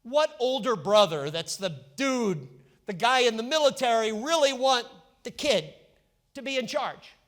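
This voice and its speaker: A male pastor preaching a sermon, telling a Bible story with lively voices for its characters. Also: very high-pitched, measured pace. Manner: animated storytelling, acting out biblical characters.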